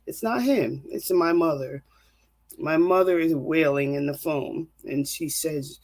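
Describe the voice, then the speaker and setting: A woman's voice: sits low, unhurried, a little mellow. Earnest woman telling a faith testimony. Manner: earnest, vivid storytelling. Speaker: counselor and guest.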